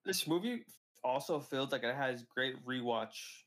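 A man co-hosting a podcast in casual chat, enthusiastic and talking in quick bursts. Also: mid-range voice, lively intonation, fairly bright tone. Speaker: podcast co-host.

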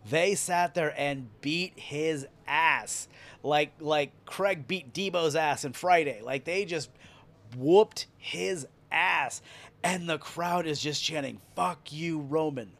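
Male podcast host, slightly high voice, animated and swearing freely. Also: slow. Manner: excited, profane storytelling. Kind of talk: casual wrestling recap.

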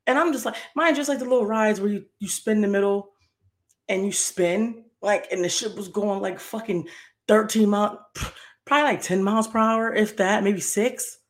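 A young woman hosting a podcast tells a story in a heated, profane rant, repeating herself. Her voice is mid-range and her pace moderate.

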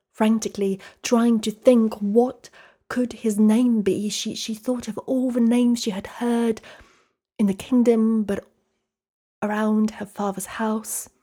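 Woman storyteller, slow and hushed, mellow tone, dramatic folktale delivery. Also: fairly high pitch. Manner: slow, hushed and dramatic, often dropping to a whisper.

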